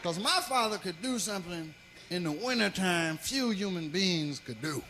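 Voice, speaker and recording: A male stand-up comedian telling a story in a profane, animated way, swinging between loud and quiet. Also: sits high, moderate pace, a little hiss or hum.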